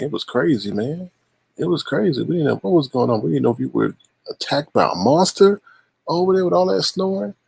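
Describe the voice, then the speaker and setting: A man with a gravelly, husky voice hosts a live online show in an easygoing, chatty way. He rolls through viewer names with drawn-out greetings. His pitch sits in the middle range. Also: a little mellow. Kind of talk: casual chat greeting viewers.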